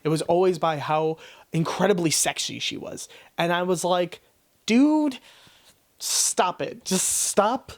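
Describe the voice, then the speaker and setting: A person in their twenties giving a casual spoken book review, blunt and frank, swearing freely and rambling with restarts. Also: medium pitch. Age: 20s.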